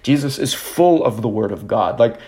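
Man, pastor, sermon, earnest, conversational, halting restarts, mid-pitched voice. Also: expressive, a little mellow. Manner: earnest, with many fillers and restarts.

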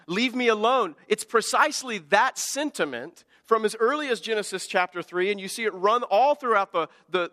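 High, bright-voiced preaching man. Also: in a large hall. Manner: earnest preaching with repeated stammered restarts. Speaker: pastor. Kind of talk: sermon.

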